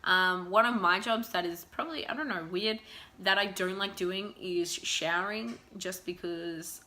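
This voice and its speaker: A young woman, telling stories in a chatty, animated, self-mocking way in a casual vlog. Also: mid-range voice, measured pace. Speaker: vlogger.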